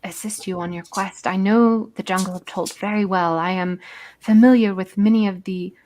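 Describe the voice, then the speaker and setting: A gracious female jungle guide speaks in courteous, formal sentences with a British accent, as a woman puts her on. Her pitch is middling, and the phrasing is polished and polite. She sounds well mannered and sure of herself. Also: fairly even intonation, normal speed, a little mellow, slight background noise, lightly acted. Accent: British, put on.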